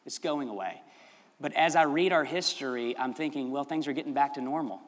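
A man's voice: mid-range voice, fairly quick, long reverb tail. A man preaching as pastor, telling a story in a chatty, rambling way and laughing at his own asides. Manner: chatty, rambling, self-amused. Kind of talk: sermon storytelling.

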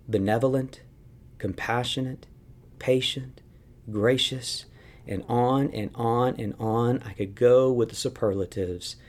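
Guy preaching a sermon, unhurried, middle pitch, punchy questions then quiet bits. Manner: slow, emphatic preaching with rhetorical questions. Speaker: pastor.

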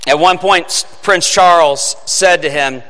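A man's voice: on the high side, measured pace, pushed and bright. A man preaching a Christmas Eve sermon, earnest and building to emphatic peaks. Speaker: pastor. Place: church sanctuary. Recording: echoing sanctuary reverb.

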